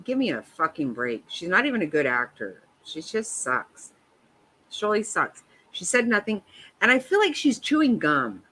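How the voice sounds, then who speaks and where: Fifty-something woman on a live chat, cussing and blunt, voice jumps up and down a lot, bright tone. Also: on the low side, big pitch swings, moderate pace, husky, low-quality recording. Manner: blunt, profane, answers viewers' comments. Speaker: livestream host. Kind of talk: casual live chat reacting to a trial.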